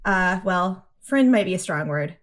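A woman's voice: fairly low pitch, lively intonation, unhurried. A woman co-hosting a podcast from home over headphones, animatedly recapping an anime episode and laughing. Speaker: podcast co-host. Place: home, room with paper cranes on the wall. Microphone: headphones on a video call.

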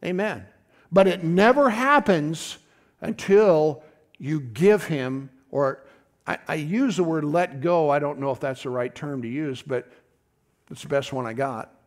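A man's voice: fairly high pitch, measured pace. A middle-aged man preaching a folksy, conversational sermon, often calling out to his congregation.

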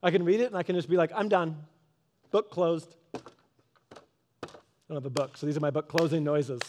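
A man giving a casual devotional talk, telling a story in a lively way and acting out both sides of an argument. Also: a little high, fairly quick, a little hiss or hum. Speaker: Christian speaker. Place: garage office.

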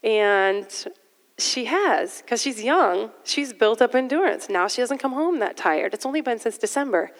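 A woman's voice: fairly high pitch, lively intonation, measured pace. A middle-aged woman preaching a sermon in a conversational way, with self-deprecating asides. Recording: long hall reverb.

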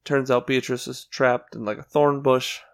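Male podcast co-host, mid-pitched, rambling and animated, casual recap. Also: creaky. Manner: rambling, animated retelling with quick put-on quotes. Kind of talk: casual chat recapping a cartoon.

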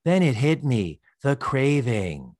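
A man voicing a baby girl in a detached, breathy voice. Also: medium pitch, very animated, slow pace, a little mellow, no room sound, clean studio sound. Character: detached baby girl narrating her life.

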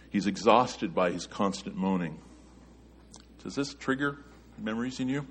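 A man preaching a sermon, earnest, his voice rising and getting louder when he quotes scripture. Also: deep voice, slight background noise.

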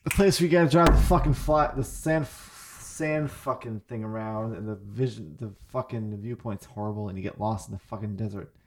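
A man's voice: fairly low pitch, moderate pace, few pauses, a little hiss or hum. A tipsy man co-hosting a casual podcast chat, rambling and swearing freely as he talks about games. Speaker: podcast co-host.

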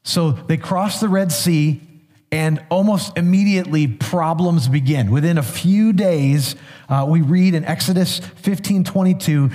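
A man's voice: fairly high pitch, measured pace, warm tone. A male pastor giving a sermon, retelling scripture in an easygoing, conversational way with small restarts. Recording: long hall reverb.

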